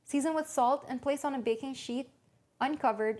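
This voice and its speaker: She has a high voice with a darkish tone and speaks at normal speed. The young woman is chatting casually on a kitchen livestream at home, reading out a recipe and thinking aloud for her viewers.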